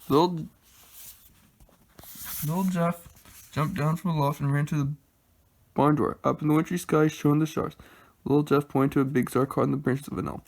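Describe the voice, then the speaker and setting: A man reading a children's storybook aloud in a plain, unhurried manner, halting now and then. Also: on the high side, gravelly. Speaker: reader.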